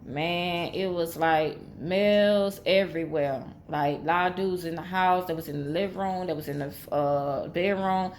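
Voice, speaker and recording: A woman's voice: on the low side, fairly even intonation, unhurried, few pauses, slight background noise. A woman telling a personal story in casual talk, rambling and repeating herself as she acts out what everyone said. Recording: echoey room with faint ambience.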